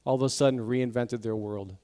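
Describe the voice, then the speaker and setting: A man pastor giving a sermon in a conversational, emotional way, sometimes dropping to soft, intense tones. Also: medium pitch, steady tone, a little fast. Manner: conversational preaching, acts out quoted voices.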